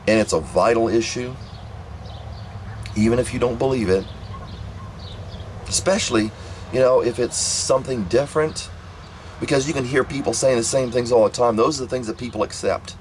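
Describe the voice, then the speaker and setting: A man's voice: medium pitch, normal speed, long pauses, a little hiss or hum, poor audio. A man telling a family story in a rambling, casual monologue, full of repeats and restarts. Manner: rambling, repetitive, many restarts.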